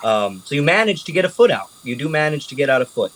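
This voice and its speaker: Lively game master with swinging pitch. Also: male voice, fast talker, poor audio. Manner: animated, casual, swears. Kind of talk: narrating a tabletop game.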